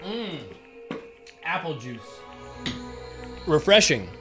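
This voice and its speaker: Young man, twitch streamer, lively swooping pitch, slightly high voice, incredulous, swears a lot, faint music behind. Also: extremely slow. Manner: animated, incredulous and profane, talking straight to chat. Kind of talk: live gameplay commentary.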